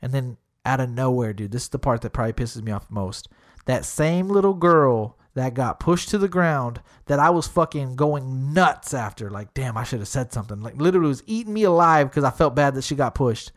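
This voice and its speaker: A man's voice: mid-range voice, a little fast. A man casually telling a tense personal story, swearing constantly and filling his talk with "literally" and "dude". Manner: animated retelling, acting out quotes.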